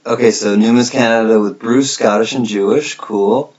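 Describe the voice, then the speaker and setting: A man's voice: lowish voice, fairly even intonation, moderate pace, darkish tone, highs cut off. A man hosting a collectibles livestream, chatting casually and reading out viewer comments.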